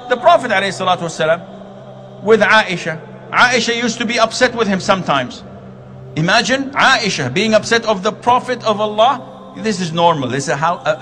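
A man's voice: high voice, sharp tone. Man preaching over background music. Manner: storytelling, acts out quoted dialogue. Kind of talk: Islamic marriage sermon.

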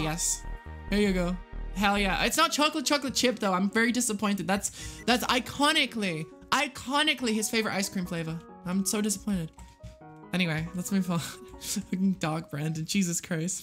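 A live streamer playing a game, talking casually with viewers, excitable and swearing freely. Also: mid-range voice, a little fast, soft background music.

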